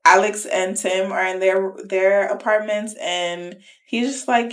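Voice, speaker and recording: A woman's voice: mid-range voice, a little slow, hardly any pauses. A woman co-hosting a podcast, casually recapping a reality show and acting out quotes with laughs. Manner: animated retelling with quoted voices and laughs. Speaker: podcast co-host.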